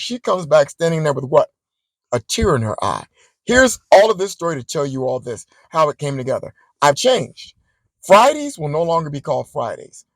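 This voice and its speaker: A man vlogging, chatting straight to his viewers as he tells a story in a casual, animated way. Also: fairly high pitch, husky, no echo, rough recording.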